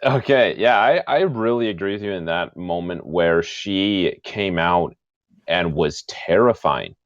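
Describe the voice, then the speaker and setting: A man's voice: sits low, unhurried, dry recording. A man on a podcast talking casually and eagerly, gushing and repeating himself as he makes his points. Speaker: podcast co-host. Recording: dry, muffled remote audio.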